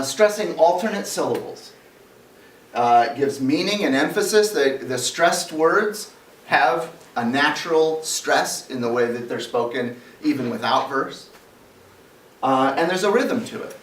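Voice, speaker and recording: A man's voice: mid-range voice, fairly bright tone. A male teacher lecturing a class, explaining step by step and quizzing students as he goes. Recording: roomy classroom, mic far off, faint background noise.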